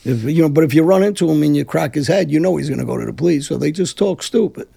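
In a heated conversational interview, a middle-aged guest from Brooklyn answers bluntly and combatively, rambling and starting over. He sounds animated and fast, a little high, with a gravelly, mellow, husky quality.

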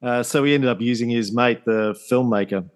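A man, co-hosting a history podcast, telling it in a casual, halting way with many restarts. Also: medium pitch. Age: 50s. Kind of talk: casual conversational storytelling.

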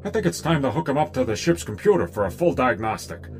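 A man's voice: medium pitch, quick pace, slight background noise, lightly acted. A man playing a dry, sarcastic starship captain in a comedy audio drama. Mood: sardonic. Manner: sarcastic, calmly menacing.

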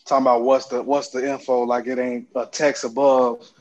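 A man in casual podcast chat, brash and quick to laugh, swearing freely with friends. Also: medium pitch, little pitch movement, lo-fi sound. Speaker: podcast co-host.

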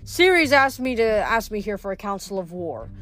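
A woman voicing a pompous adult male wine god with a lazy, slow drawl. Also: mid-range voice, very animated, fairly bright tone. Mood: lazy, haughty. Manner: haughty, slow, self-important.

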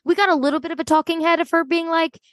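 A woman's voice: very high voice, fairly even intonation, racing, fairly bright tone, no echo, clean studio sound. A woman co-hosting a casual podcast, talking in a slangy, emphatic way about a reality show. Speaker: podcast co-host. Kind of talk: casual reality TV recap chat.

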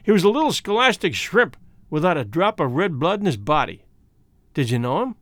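A man's voice: fairly high pitch, very animated, fairly quick, a bit bright, dry recording. A man reading aloud voices a blunt, outspoken physician in a storybook.

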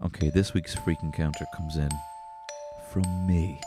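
A male podcast co-host telling a comic story deadpan, with sudden loud outbursts. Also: very deep voice, normal speed, soft background music.

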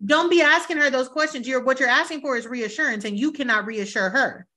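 A woman's voice: high-pitched, a little fast, sharp tone. A woman hosting a podcast in casual chat, blunt and emphatic, swearing freely and acting out what others said. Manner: blunt, emphatic and profane, acts out quotes. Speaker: podcast host.

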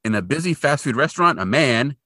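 A man's voice: medium pitch, animated, sharp tone, dry recording, clean studio sound. A man co-hosting a podcast, casually recapping a TV episode and jokily acting out the characters' lines. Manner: jokey, acts out characters' lines in quick voices. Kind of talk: casual chat.

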